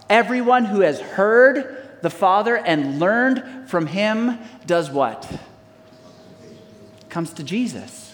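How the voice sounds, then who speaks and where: A pastor preaches a sermon in a voice that sits high, reading scripture aloud and calling on the congregation to answer back in call-and-response. The sound carries the feel of a big room.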